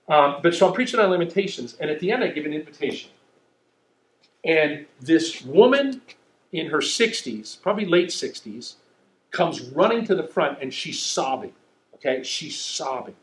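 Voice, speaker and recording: Man preaching a conversational sermon, echoey room. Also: on the high side. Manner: conversational, checks in with "okay?". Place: church sanctuary.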